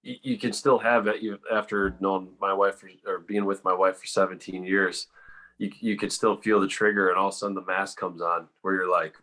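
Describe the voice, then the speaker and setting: Deep-voiced male host, rambling. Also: steady tone, fairly quick, pushed and bright. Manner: rambling, hedging, restarts. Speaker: podcast host. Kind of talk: casual chat.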